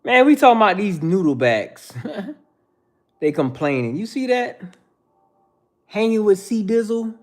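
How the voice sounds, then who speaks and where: A man's voice: high voice, sing-song, a little slow, long pauses. A man in his thirties hosting a livestream, bluntly lecturing viewers in the chat with repetitive slang. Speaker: livestream host. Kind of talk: casual livestream rant.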